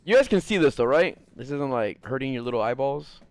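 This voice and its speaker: Animated, joking young gamer guy. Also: mid-range voice, fairly quick, clean tone, dry recording. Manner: joking, profane, chatting with viewers. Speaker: gaming streamer. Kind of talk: casual let's-play commentary.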